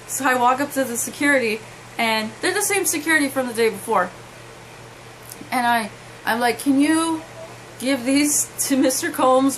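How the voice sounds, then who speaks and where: A young woman telling a personal story to camera, halting and emotional, with many restarts. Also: a little high, fairly bright tone, a little hiss or hum, rough recording. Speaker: vlogger.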